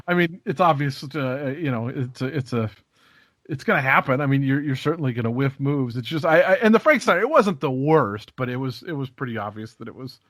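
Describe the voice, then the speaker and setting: A man's voice: lively intonation, fairly quick, a bit bright, no echo, studio quality. A man who is a guest on a podcast, talking casually about old wrestling and acting out lines he quotes. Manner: chatty, acts out quoted lines with sudden jumps in pitch. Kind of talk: casual wrestling rewatch chat.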